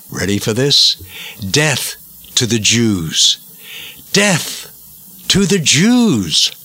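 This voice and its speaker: A man's voice: medium pitch, bright, forceful tone, no echo. An American man giving preachy political commentary, emphatic and indignant, repeating words for stress. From United States.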